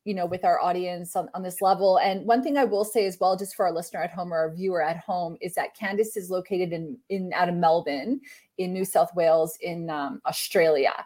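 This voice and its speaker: A woman's voice: on the low side, fairly even intonation, a little mellow. A woman hosting a spiritual podcast, chatting in an upbeat, talkative way. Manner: chatty, upbeat, quick laughs. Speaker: podcast host. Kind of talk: casual podcast chat.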